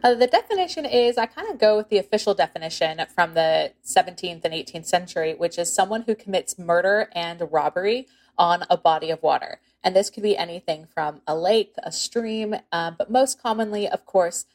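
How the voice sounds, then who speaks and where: A woman's voice: lowish voice, expressive, fairly quick, darkish tone. A woman historian giving an informal, explanatory interview answer with hedging asides. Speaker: pirate historian.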